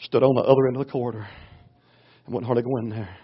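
A man, a pastor preaching a storytelling sermon in a folksy way, going from hushed to loud. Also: mid-range voice, fairly even intonation, fast talker, breathy edge. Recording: dull lo-fi recording.

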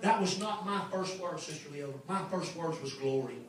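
A middle-aged man preaching a sermon as a story, exuberant, laughing often and breaking into shouted praise. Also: on the high side, normal speed. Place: large church hall. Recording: echoey church, distant mic, congregation. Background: congregation responding.

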